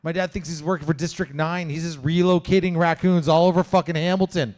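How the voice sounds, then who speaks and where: Lively Canadian stand-up comic. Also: male voice, a little high, fairly quick. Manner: animated storytelling, swearing, acts out voices. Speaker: stand-up comedian. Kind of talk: stand-up comedy set. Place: comedy show venue with live audience.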